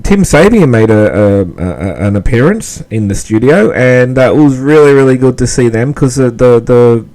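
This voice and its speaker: Man, podcast host, rambling casual talk, many fillers, middle pitch. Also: darkish tone, rough recording. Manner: rambling, many fillers and restarts, laughs easily. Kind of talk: casual commentary between clips.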